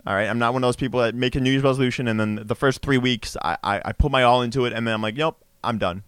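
A man's voice: mid-range voice, rapid-fire, clean tone, no echo. A man co-hosting a casual podcast chat with a dry, teasing manner and stammered repeats. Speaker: podcast co-host.

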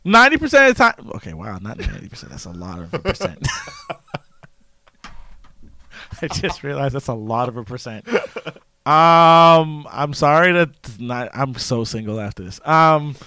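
Brief: young American guy, animated and bright, laughs a lot, dry close mic. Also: mid-range voice, a little slow, long pauses, no echo. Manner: playful, slips into put-on English accents; laughs often. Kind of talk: casual chat.

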